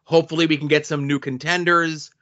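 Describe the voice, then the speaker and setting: Male co-host, dry wit, bright tense voice, slightly high, muffled audio. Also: little pitch movement, fairly quick. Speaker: podcast co-host. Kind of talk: casual chat. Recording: dull lo-fi sound.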